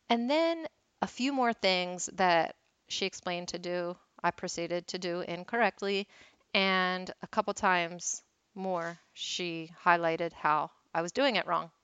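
A woman's voice: fairly low pitch, fairly bright tone, clear, resonant tone, no echo. A woman hosting a wellness talk, telling a candid, self-deprecating personal story. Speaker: wellness teacher and host.

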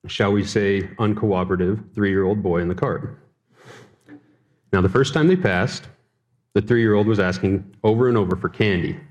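A man's voice: lowish voice, darkish tone. A man preaching a sermon, telling a story and asking the congregation rhetorical questions.

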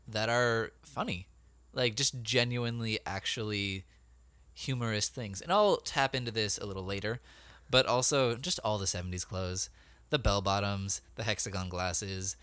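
A man's voice: fairly low pitch, pushed and bright, no echo. A man co-hosting a casual movie review chat, joking and making puns as he gives his ratings. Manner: joking, punning, quick to laugh. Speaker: podcast co-host.

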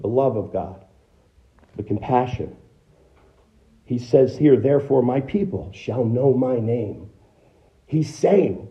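A man's voice: medium pitch, very animated, unhurried, lo-fi sound. A man with an American accent preaching a sermon as a pastor, in a conversational way with rhetorical questions and restarts. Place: church sanctuary.

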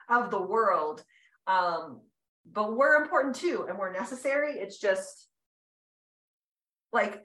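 A woman's voice: mid-range voice, bright, forceful tone, reverberant, poor audio. A woman hosting a podcast, chatting in a rambling, emotional way, teary and laughing as she talks. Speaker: podcast host. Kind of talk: casual chat.

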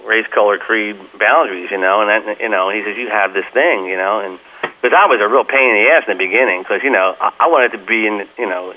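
A man's voice: lowish voice, fast talker, narrow, tinny audio, a little hiss or hum. A man being interviewed as a guest musician, telling long rambling anecdotes full of "you know" and acting out the voices of people he quotes. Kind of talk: casual interview storytelling.

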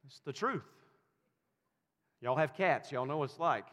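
A man's voice: mid-range voice, expressive, a little slow, a bit bright. A man preaching a sermon as pastor, building emphasis through repeated, rising phrases. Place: church sanctuary. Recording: long reverb of a church hall.

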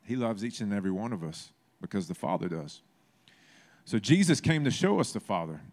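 A man's voice: on the low side, sing-song, fairly quick, darkish tone. A man preaching a sermon in a conversational way, building to emphatic, repeated phrases. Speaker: pastor.

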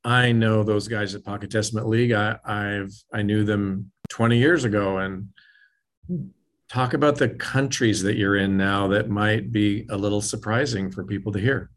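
A man hosting a casual interview, talking in a reflective way and slowing down to stress key words. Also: lowish voice, steady tone. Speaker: podcast host.

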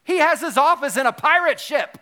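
Animated, lively-voiced male pastor. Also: very high voice, brisk. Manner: animated, joking, self-deprecating asides. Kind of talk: sermon.

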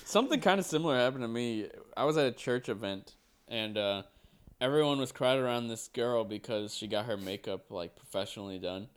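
A man's voice: mid-range voice, animated, fairly quick, clean tone. A young man chatting casually with a friend, telling sheepish stories and laughing. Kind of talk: casual chat.

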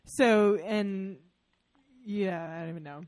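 A woman's voice: mid-range voice, slow pace, a little mellow, dry recording. A woman co-hosting a radio show, chatting casually in a studio, giggly and a bit scattered.

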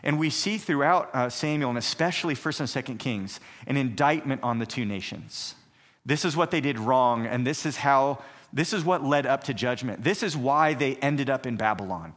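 A man's voice: mid-range voice, animated, normal speed, a bit bright. A man teaching a recorded Bible survey lesson, explaining earnestly and asking rhetorical questions.

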